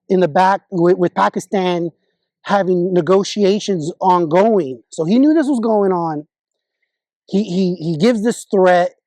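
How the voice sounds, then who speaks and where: Slow, mellow man giving opinions. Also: high voice, dry recording. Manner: opinionated, often restarts and corrects himself. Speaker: political commentary vlogger. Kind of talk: casual opinion monologue.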